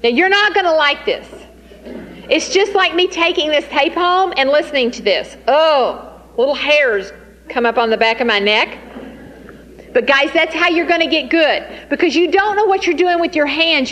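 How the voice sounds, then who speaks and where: A woman leading a sales training session, lively and teasing as she talks straight to the group. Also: sits high, long reverb tail, low-quality recording.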